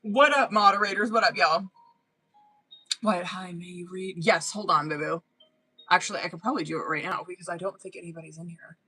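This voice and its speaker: Tarot reader going live, bright sharp voice, swears a lot, super slangy and chatty, keeps going "hold on". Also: medium pitch, brisk, husky, low-quality recording. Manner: profane, slangy, chatty, often breaks off with "hold on". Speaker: tarot reader hosting a livestream. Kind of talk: casual livestream chat.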